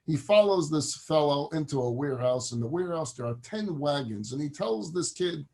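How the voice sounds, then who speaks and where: Rabbi telling a story in class, lively, acts out the characters, a bit high pitched. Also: male voice, moderate pace, creaky, few pauses. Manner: animated, acts out the parable's characters. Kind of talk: storytelling lecture.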